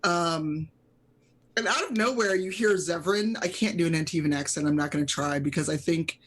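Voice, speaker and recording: A woman's voice: low-pitched, normal speed, a little hiss or hum. A woman narrating as game master of a tabletop game, chatty and full of fillers.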